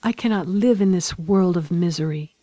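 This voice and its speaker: A woman's voice: fairly low pitch, normal speed, mellow, no echo, lightly acted. Loving, grief-struck young woman, read by a woman, earnest and pleading, dry close sound. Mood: earnest, grieving.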